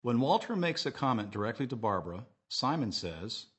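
Male lesson narrator, husky low voice with lively intonation, measured delivery. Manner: clear, measured, modelling phrases for repetition. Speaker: English teacher narrator.

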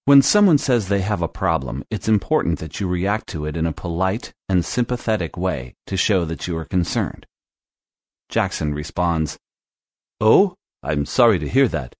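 A man with a very low, deep voice gives a scripted English lesson, speaking clearly and steadily. The recording is dry and close, with no room echo at all. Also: lively intonation. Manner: clear, measured instructional delivery. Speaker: language teacher.

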